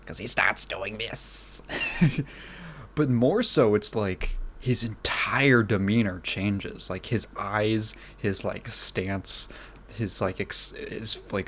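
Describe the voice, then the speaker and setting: A man hosting a casual solo podcast, rambling with many fillers and restarts, his throat phlegmy so he keeps clearing it. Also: lowish voice, slight background noise. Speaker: podcast host.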